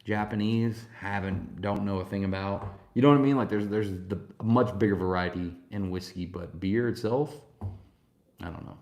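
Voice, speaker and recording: Man with a low voice, laid-back host of a tasting stream, swears freely and talks straight to his viewers. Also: moderate pace. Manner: relaxed, profane, chatty, answers viewers. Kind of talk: casual live chat.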